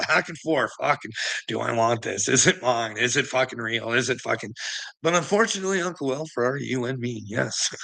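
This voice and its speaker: Gravelly, sharp-voiced man ranting on a livestream. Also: mid-range voice, normal speed. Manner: profane, laughs often, calls viewers bud. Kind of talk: casual livestream rant.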